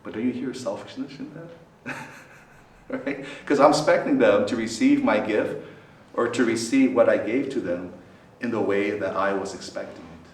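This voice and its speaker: A man, a priest, giving a talk to a student group. He keeps checking in with "right?" and swings his voice dramatically for emphasis. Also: moderate pace. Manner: keeps asking listeners questions, tags "right?"; lively, dramatic swings in pitch and loudness. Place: meeting hall at a student center. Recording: roomy echo, from a distance, faint background noise.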